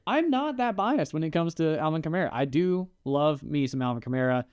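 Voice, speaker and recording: A man co-hosting a casual podcast, bantering with a joking, animated manner. His voice is smooth and clear, recorded close and dry with no room sound. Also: a little high, fairly quick, no echo. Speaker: podcast co-host. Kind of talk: casual chat. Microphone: podcast mic.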